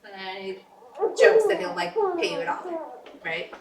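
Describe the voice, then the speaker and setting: High-voiced chatty woman in an echoey room. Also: a crowd in the background. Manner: chatty, animated, quick to joke. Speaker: parent leading family scripture study. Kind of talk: casual family discussion. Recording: roomy echo, mic far off.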